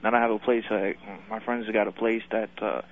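A man's voice: fairly low pitch, level tone, brisk. Enthusiastic male caller on a phone line. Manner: enthusiastic, laid-back slang. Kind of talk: casual phone call.

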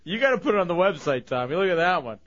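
A man's voice: sits high, big pitch swings, very fast, dull audio, a crowd in the background. A man hosting a radio show, laughing, teasing a co-host and reading listener messages. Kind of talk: radio banter.

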